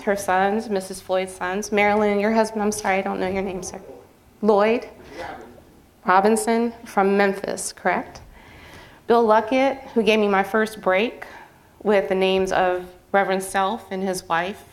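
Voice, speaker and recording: Brief: female professor presenting to an audience, earnest and a bit nervous, mid-pitched voice. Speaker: journalism professor presenting her project. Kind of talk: public presentation. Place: campus event venue.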